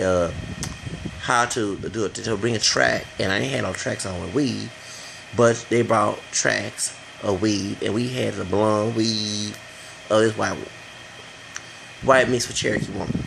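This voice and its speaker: A man's voice: fairly low pitch, measured pace, creaky, background noise. A man giving a rambling, blunt opinion rant for his vlog, swearing freely as he goes. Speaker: vlogger.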